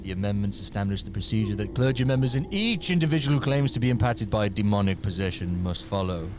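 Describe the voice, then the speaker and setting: A man reading in a put-on accent as a menacing masked villain, slow and grand, over a noisy recording. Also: fairly low pitch, animated, pitched below the performer's own voice, lightly acted.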